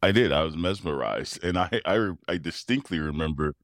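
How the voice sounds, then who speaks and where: A man's voice: low voice, moderate pace, no echo, clean studio sound. A middle-aged man, a professional tuba player, telling personal stories in a casual interview, acting out quoted voices and laughing often. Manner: animated storyteller who acts out quoted voices and laughs often.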